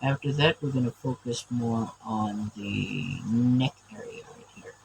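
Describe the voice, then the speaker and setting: Against a noisy background, an artist drawing on camera chats casually in a gravelly, medium-pitched voice. He speaks a little slowly, rambling and stammering and often laughing.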